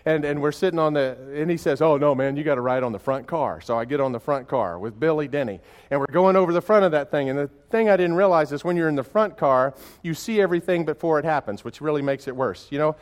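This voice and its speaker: A man delivering a sermon in a somewhat high voice. He talks in a folksy, conversational way, full of restarts. His storytelling swings from hushed and slow to loud and excited. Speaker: pastor.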